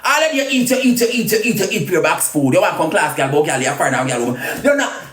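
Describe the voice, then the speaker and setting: A Jamaican woman ranting crudely on a live video, trading loud insults and singsong taunts. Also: low-pitched, big pitch swings, fast, noisy background. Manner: loud crude cussing, sing-song taunts. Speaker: social media personality. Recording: roomy echo.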